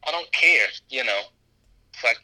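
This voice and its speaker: A man's voice: mid-range voice, expressive, normal speed, sharp tone, poor audio. A man chatting casually as a podcast guest, rambling with lots of fillers and restarts. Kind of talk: casual conversation.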